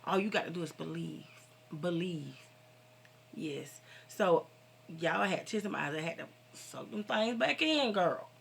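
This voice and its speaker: A middle-aged woman pours her heart out to her viewers in a casual vent, fervent and a little preachy. Her voice is gravelly with a bright, forceful edge, and a faint hiss sits under it. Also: on the low side, animated, a little slow. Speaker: vlogger.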